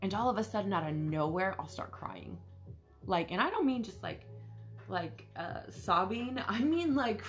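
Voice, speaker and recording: A woman's voice: medium pitch, lively intonation, normal speed, soft background music. A woman hosting a podcast, talking candidly in a casual spiritual monologue, chatty, full of fillers and casual swearing. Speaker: podcast host.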